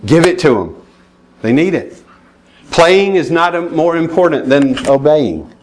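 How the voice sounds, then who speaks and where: A man's voice: fairly high pitch, lively intonation, a little slow. A man preaching a sermon, plainspoken and emphatic, with chuckles and asides to the congregation. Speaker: pastor.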